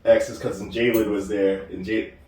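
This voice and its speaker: A man in his thirties co-hosting a podcast, telling animated stories in casual chat and laughing often. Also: fairly low pitch, moderate pace, very echoey, far from the mic, rough recording. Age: 30s. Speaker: podcast co-host.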